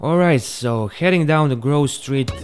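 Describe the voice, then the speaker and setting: A young man narrating a casual, unscripted gameplay tutorial, with a relaxed delivery and some stumbles. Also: medium pitch, measured pace, over music. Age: young adult. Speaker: gaming channel host.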